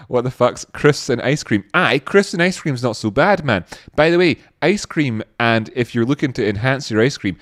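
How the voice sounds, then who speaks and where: A man's voice: on the low side, no room sound, clean studio sound. Laid-back Scottish man chatting on a livestream. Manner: rambling, laid-back, with frequent fillers. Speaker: livestream host. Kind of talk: casual livestream chat.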